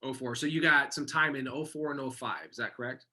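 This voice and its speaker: A man's voice: medium pitch, a little fast, sharp tone. A man hosting a casual interview. He asks rambling questions and affirms his guest in an easygoing way. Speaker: host, coach.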